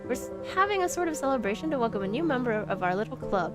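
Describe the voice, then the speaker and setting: A woman's voice: fairly high pitch, big pitch swings, quick pace. A woman voicing a welcoming young witch in a video game, courteous and reassuring, with game music behind her. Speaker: game character.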